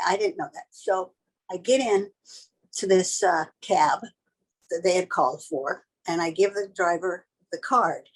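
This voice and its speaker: Husky older woman telling a blunt story. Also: lowish voice, poor audio. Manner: vivid, blunt, profane storytelling. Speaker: tattoo artist telling a story. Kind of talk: casual storytelling.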